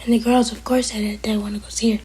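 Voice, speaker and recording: A woman's voice: a little high, level tone, fast, warm tone. A woman recapping a TV episode in a casual, half-whispered way, retelling scenes by quoting the characters. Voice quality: very breathy, half-whispered delivery. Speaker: TV episode reviewer.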